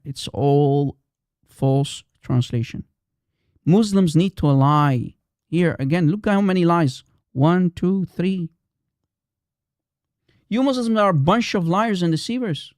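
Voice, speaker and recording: Guy ranting on his live stream, kinda high voice, super dry close mic, keeps repeating himself. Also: a little mellow, dry recording. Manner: combative, repetitive, challenging. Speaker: livestream host. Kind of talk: heated live-stream polemic.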